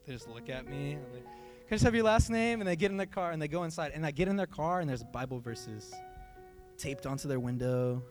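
A young man giving an informal sermon, talking in a conversational, animated way and often saying "like" and "right". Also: mid-range voice, brisk, soft background music. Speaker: preacher.

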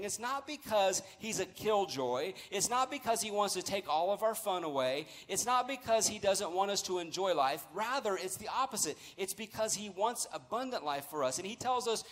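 A pastor preaching a sermon in a church, speaking emphatically and slowing down to stress key phrases. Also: male voice, sits high, expressive, a bit bright. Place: church sanctuary.

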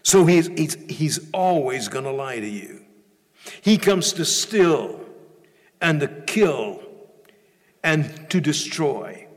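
A man's voice: fairly high pitch, very animated, slow pace, pauses often, big-room sound. A male pastor preaching a sermon in a church, emphatic, often repeating and restarting phrases.

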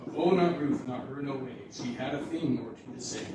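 A man's voice: medium pitch, a little fast, hardly any pauses, crowd noise. Man narrating a bouncy rhyming story. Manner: bouncy singsong rhyme. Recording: echoey hall from far off.

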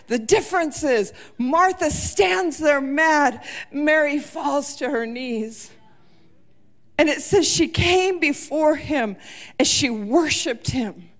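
A woman preaching a sermon with impassioned delivery, rising to shouts and near tears as she retells scripture. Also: high-pitched, slow.

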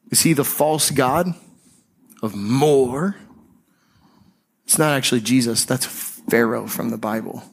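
A man preaching a sermon as pastor, speaking conversationally and slowing and softening on key phrases. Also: medium pitch, creaky, husky.

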